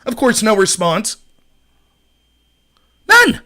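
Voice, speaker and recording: A man hosting a live-streamed political commentary show, talking in an animated, indignant rant. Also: very high-pitched, a little fast.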